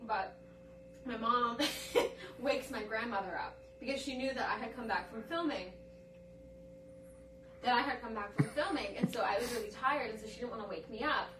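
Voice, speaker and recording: A young woman telling a story in a casual livestream chat, animated and laughing as she talks, picked up by a phone camera. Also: a little high, moderate pace, poor audio. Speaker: livestream guest. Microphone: filmed on a phone camera.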